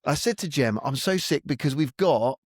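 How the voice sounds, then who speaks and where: A man's voice: on the high side, expressive, moderate pace, slightly rough, no echo. Man, middle-aged, friendly, matey podcast storytelling, dry close mic. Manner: friendly storyteller, says mate a lot. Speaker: podcast co-host. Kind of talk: casual podcast chat.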